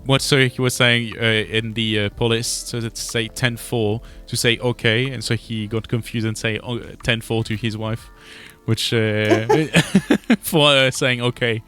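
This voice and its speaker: Male podcast host, halting delivery with frequent restarts, faint music under. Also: mid-range voice, fairly even intonation, sharp tone, clean tone. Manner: halting, many restarts and laughs. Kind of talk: casual interview chat.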